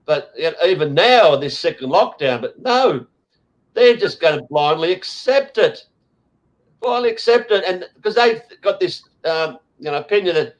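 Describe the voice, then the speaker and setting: Aussie guy, bit high voice, blunt sweary rant, lots of ums. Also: lively intonation, moderate pace, highs cut off. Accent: Australian. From Australia. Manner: blunt, sweary ranting with frequent fillers. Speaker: host. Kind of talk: casual chat.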